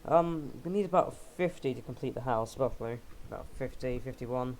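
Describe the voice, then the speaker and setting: Here a young let's player keeps up jokey, rambling chatter over his game, tossing in self-mocking asides. He speaks at normal speed with a medium pitch and darkish tone, on a low-quality recording with slight background noise.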